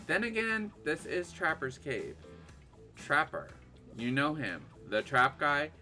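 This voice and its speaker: A woman's voice: low voice, animated, measured pace, sharp tone, soft background music. A woman streaming a dating game, reading its text aloud and reacting with laughs and shrieks. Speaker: gaming streamer.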